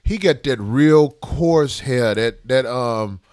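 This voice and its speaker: A man hosting a comedy talk show, trading crude, mocking jokes and breaking into loud rants. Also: mid-range voice, takes it slowly, crowd noise. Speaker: comedian host. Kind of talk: profane comedic banter.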